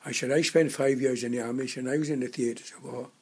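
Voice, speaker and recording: Man, 90s, interviewee; husky, mid-pitched voice, halting and rambling delivery. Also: fairly even intonation, darkish tone. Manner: rambling, halting storyteller with many restarts. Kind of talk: reminiscing in casual conversation.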